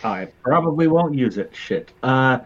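A man's voice: mid-range voice, animated, unhurried, breathy edge, lo-fi sound. A man playing in a tabletop game podcast, casual, swearing and trailing off. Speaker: player.

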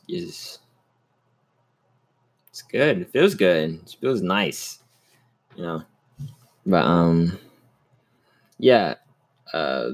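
A man's voice: low-pitched, creaky, a little mellow. A young man hosting a solo podcast, rambling in a casual, upbeat way and swearing a lot. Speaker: podcast host.

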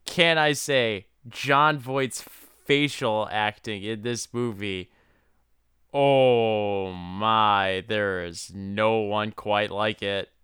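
A podcast co-host jokes around and laughs often during a casual chat, speaking extremely slowly in a lowish, slightly bright, clear and resonant voice. The studio-quality recording has no room sound.

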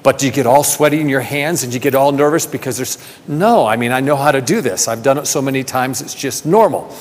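A man preaching a sermon, asking rhetorical questions and repeating phrases, building from soft talk to emphatic calls. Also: mid-range voice, a little fast. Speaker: pastor. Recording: long reverb of a large hall.

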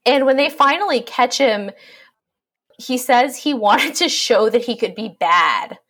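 A woman's voice: on the high side, lively intonation, measured pace, a bit bright. Irreverent woman casually recapping a plot. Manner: irreverent, swears freely, plot summary with jokes. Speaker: podcast co-host. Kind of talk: casual book discussion chat.

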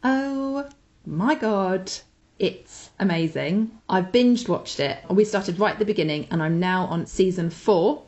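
A woman's voice: lowish voice, normal speed, few pauses, darkish tone, highs cut off. A woman co-hosting a chatty podcast, talking with gushing enthusiasm about things she recommends. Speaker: podcast co-host. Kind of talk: casual chat with recommendations.

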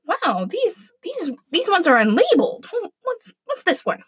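A woman narrating a comic fairy tale with a high, very lively voice and playful, deadpan asides. The sound is dry and close to the mic, and she comes across as a wry show host. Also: measured pace, no room sound.

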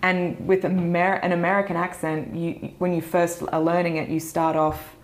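Australian actress guest in her thirties, candid and chatty, low-ish voice, laughs easily. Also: little pitch movement, normal speed. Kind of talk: casual podcast interview.

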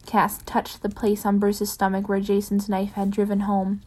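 A woman reading fan fiction aloud in a plain, unpolished way, pausing to correct her own slips. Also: mid-range voice, monotone, a little mellow. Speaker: reader.

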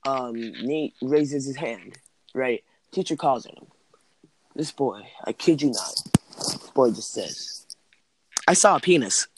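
A man's voice: medium pitch, animated, takes it slowly, long pauses, background noise. A man in casual chat, rambling through school stories with lots of "like" and "um". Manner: rambling, heavy use of "like" and "um".

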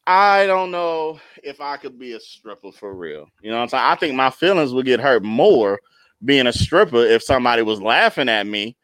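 A young man and podcast co-host telling an animated comedic story in casual chat, laughing often and constantly checking in with his listeners. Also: medium pitch, normal speed, dry recording. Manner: animated storytelling with constant laughs and "you know what I'm talking about".

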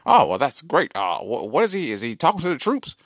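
A man voicing a nosy male 1940s newspaper editor who fires off quick, prying questions. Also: medium pitch, big pitch swings, a bit bright, no room sound, studio quality, pitched above the performer's own voice. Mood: eager.

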